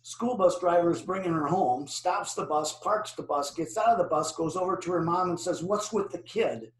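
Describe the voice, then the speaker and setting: Older man, higher voice, animated storyteller, driver safety presenter, roomy echo, set back from the mic. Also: normal speed. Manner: animated storytelling with questions to the audience. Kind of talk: presentation to an online audience. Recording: echoey room, distant mic.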